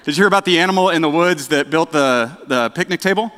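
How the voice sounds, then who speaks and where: A man preaching a casual sermon, chatty and self-deprecating, with halting restarts and dad jokes. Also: fairly high pitch, sharp tone. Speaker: director of outreach, preaching. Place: church sanctuary. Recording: echoey church hall.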